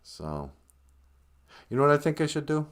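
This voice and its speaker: A man's voice: on the high side, very animated, normal speed. A man hosting a casual livestream who tells jokey stories and acts out quotes. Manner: joking storyteller, acts out voices. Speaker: livestream host.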